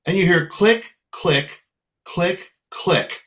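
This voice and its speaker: A man's voice: high-pitched, slow pace. A middle-aged American man from San Francisco, a musician telling stories in an interview, who slips into accents when quoting people. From San Francisco, USA. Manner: lively storyteller, slips into accents for quoted people. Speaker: musician guest. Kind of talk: storytelling interview.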